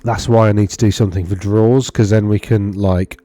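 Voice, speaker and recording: This casual screen-share commentary comes from a wargaming video host going over tournament data, rambling and self-correcting as he thinks aloud. His fairly low, dark-toned voice holds a fairly even intonation at a normal speed. The recording is dry, with faint music behind.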